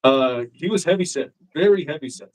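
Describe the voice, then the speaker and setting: The recording is rough, and the man's voice is fairly high-pitched and fairly quick. He's guesting in a casual chat on a live-streamed show, telling an animated, profane story and acting out others' words.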